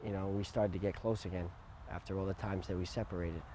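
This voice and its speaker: Low, dark-voiced older New man. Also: fairly even intonation, fast, a little hiss or hum. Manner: emotional storytelling, swings between loud and hushed. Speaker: interviewee. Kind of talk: documentary interview, recounting his past.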